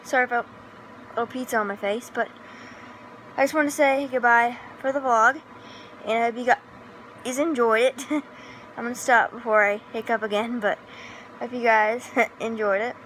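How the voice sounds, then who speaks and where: A woman's voice: fairly high pitch, fairly even intonation, moderate pace, pauses often, a bit bright, slight background noise, poor audio. A woman vlogging in a casual, rambling way, often correcting herself and giggling. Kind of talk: casual vlog chat.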